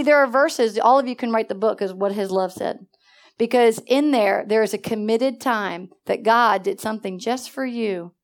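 Animated woman preaching a sermon. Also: a little high. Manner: animated, swings from hushed to loud, asks the audience questions. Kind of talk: sermon with personal stories.

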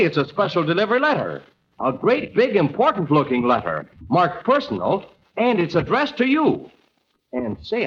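A man's voice: sits high, fairly bright tone. A man announcing a 1940s radio serial, addressing young listeners in a chummy, enthusiastic way. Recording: dull, faintly hissy old radio recording.

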